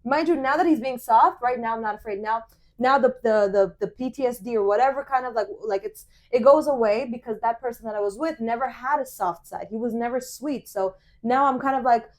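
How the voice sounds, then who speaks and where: A young woman hosting a podcast, telling a dating story in casual chat, animated and swearing, full of fillers. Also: on the high side, brisk. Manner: animated, swearing, many fillers, acts out quoted lines. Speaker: podcast host.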